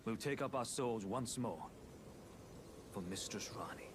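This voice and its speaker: An actor playing a loyal, gruff half-wolf male warrior in video game dialogue, speaking in an earnest, admiring, measured way. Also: on the low side, lightly acted. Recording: game audio under noise.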